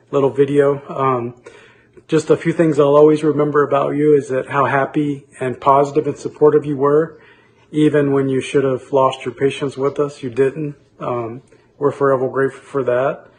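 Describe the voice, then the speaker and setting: A former student recording a grateful video tribute in a steady, even voice. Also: male voice, mid-range voice, slight background noise, poor audio.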